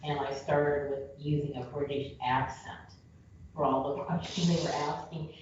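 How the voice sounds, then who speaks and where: A woman's voice: a bass voice, fairly even intonation, normal speed. Joking woman in a roomy echo. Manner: storytelling, jokey asides. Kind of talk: casual chat. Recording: echoey room, far from mic, dull lo-fi, faint noise.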